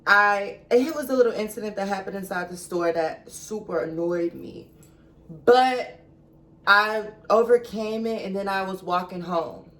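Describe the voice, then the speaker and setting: Slow-talking woman telling a storytime. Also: medium pitch, a bit bright. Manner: chatty, confiding, dramatic retelling, talks to viewers as girl and baby. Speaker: vlogger. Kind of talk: storytime vlog.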